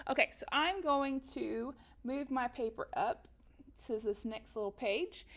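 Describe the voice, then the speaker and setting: A woman's voice: high voice, a bit bright. A woman music teacher giving a recorded lesson for children, upbeat and encouraging, counting beats and chanting rhythms aloud.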